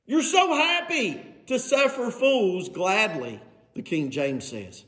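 A man with a high voice preaches a sermon in a church, reading from scripture and retelling it with sarcasm. He keeps putting rhetorical questions to his congregation. The sound carries a roomy echo. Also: big pitch swings, measured pace, fairly bright tone. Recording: echoey room.

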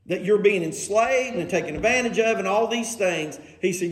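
A man's voice: high-pitched, very animated, normal speed, gravelly. A man preaching a sermon from scripture, asking his congregation rhetorical questions and paraphrasing the text with sarcasm. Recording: echoey room.

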